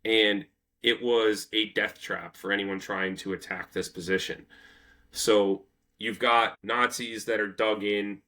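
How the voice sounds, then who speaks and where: A man hosting a casual history podcast, telling the story in a loose, profane, animated way. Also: fairly low pitch, measured pace. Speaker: podcast host.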